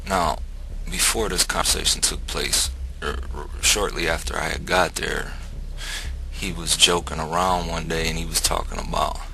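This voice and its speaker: Low, gravelly man telling a testimony. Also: sharp tone, slight background noise. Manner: earnest, emphatic, preacher-like. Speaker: storyteller. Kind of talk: personal testimony storytelling.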